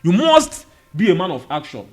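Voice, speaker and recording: A man's voice: high voice, huge pitch swings, moderate pace, darkish tone. A man with a Nigerian accent giving a motivational monologue, firing rhetorical questions and repeating key phrases. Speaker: motivational video host. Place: indoor room with a fan running.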